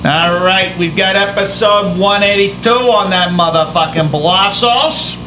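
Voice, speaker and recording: Profane storytelling man with a high voice. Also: unhurried, noisy background. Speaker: podcast co-host. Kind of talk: casual sports chat.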